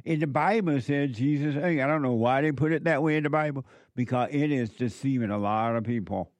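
A man's voice: mid-range voice, a little fast, dry recording. A man preaching a sermon, emphatic and repetitive as he addresses a live audience.

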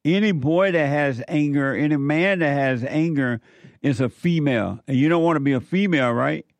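A fairly high-voiced man gives advice to a caller on his call-in show. His delivery is slow and emphatic, returning to restate every point, and the recording is close and dry with no echo.

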